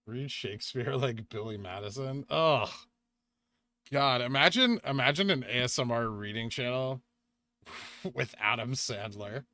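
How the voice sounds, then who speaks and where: A young man hosting a casual livestream, chatting with viewers, reading out donations and making quick asides. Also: mid-range voice, pushed and bright. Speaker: livestream host.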